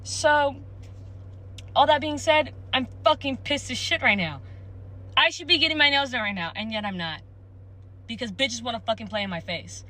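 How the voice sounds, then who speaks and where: A woman's voice: on the high side, animated, moderate pace, pauses often, bright, forceful tone, poor audio. A woman ranting angrily to camera, swearing heavily. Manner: irate, heavy swearing. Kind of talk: angry rant to camera.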